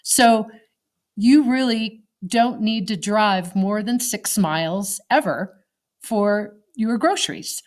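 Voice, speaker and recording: A woman's voice: mid-range voice, takes it slowly. Conversational woman giving an online lecture. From Colorado, United States. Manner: conversational, asks the class questions. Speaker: teacher.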